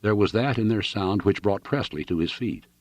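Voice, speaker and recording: A man narrates a novel with a deep, husky voice and a lively, swinging delivery. He tells the story dramatically, and the recording is close and dry. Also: moderate pace, no echo. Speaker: audiobook reader.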